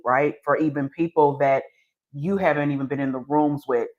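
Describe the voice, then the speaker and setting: A woman hosting a casual interview, lively and teasing, with colloquial talk. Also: low voice, normal speed, lo-fi sound. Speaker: podcast host.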